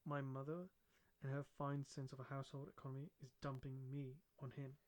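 A man voicing a shy but witty young woman student in an audiobook reading, with a gentle, wry delivery. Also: medium pitch, little pitch movement, fairly quick, natural voice. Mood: firm.

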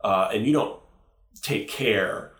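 A man's voice: fairly low pitch, slow, fairly bright tone. A male priest and teacher speaking earnestly in a podcast interview, often correcting himself as he goes. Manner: thoughtful, earnest, with self-corrections. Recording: roomy echo.

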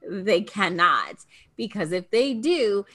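A woman in her thirties co-hosting a podcast in casual chat, animated and laughing often. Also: medium pitch, takes it slowly. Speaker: podcast co-host.

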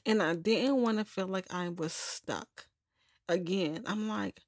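A woman's voice: mid-range voice, measured pace, no room sound. Young woman podcaster just talking it out, rambly and honest, repeats herself, dry close sound. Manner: candid, rambling, repeats words, self-correcting. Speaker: podcast host. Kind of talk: personal journal-style podcast monologue.

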